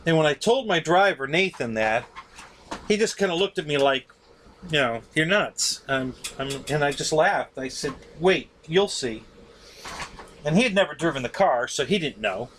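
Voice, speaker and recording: Bright-voiced man telling a story. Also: a little high, expressive, normal speed, slight background noise. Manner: laughs often, swears casually, acts out quotes. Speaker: show host telling a story. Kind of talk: casual storytelling.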